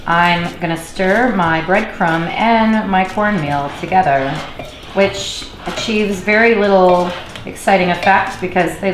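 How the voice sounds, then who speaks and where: A woman's voice: medium pitch, roomy sound, background noise. A Canadian woman in her thirties, chatting in a rambling, self-deprecating way as she cooks in her home kitchen for a vlog. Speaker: cooking vlogger. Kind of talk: casual cooking vlog chat.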